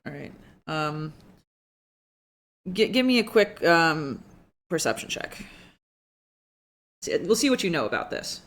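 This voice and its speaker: A game master with a middle-pitched voice narrates a tabletop game in a loose, casual way. The narration wanders and is full of fillers and restarts. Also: very animated, slow pace, pauses often, fairly bright tone.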